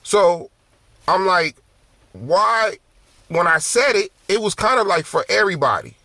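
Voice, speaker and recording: High-voiced man telling a testimony. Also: normal speed, no echo. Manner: animated, conversational, repeats and restarts phrases. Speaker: minister. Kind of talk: personal testimony storytelling.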